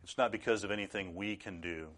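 Earnest low-voiced man preaching. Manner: earnest, measured preaching with sudden loud bursts. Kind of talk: sermon.

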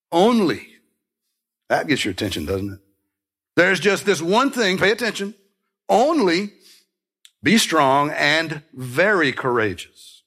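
A man's voice: mid-range voice, fairly bright tone. A man preaching a sermon, earnest and emphatic, repeating key phrases and dropping into conversational asides. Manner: conversational asides and self-corrections. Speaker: pastor.

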